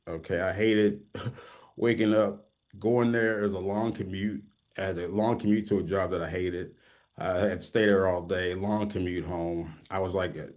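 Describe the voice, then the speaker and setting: Deep-voiced man telling his story. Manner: conversational, keeps adding "okay?" at ends of points. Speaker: online marketing teacher. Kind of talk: personal story told to camera.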